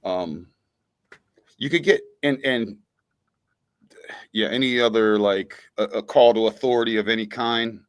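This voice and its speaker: A man from the United States talking as a podcast guest, blunt and casual, often letting his sentences trail off quietly. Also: lowish voice, unhurried, long pauses, clear, resonant tone, no echo.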